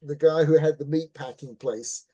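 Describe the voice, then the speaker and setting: A middle-aged rabbi tells a story in a Torah class, his fairly high voice mellow, warm and slightly rough, at a normal speed over dull audio. He restarts phrases freely and keeps asking "right?" to check his listeners follow, more conversational than formal.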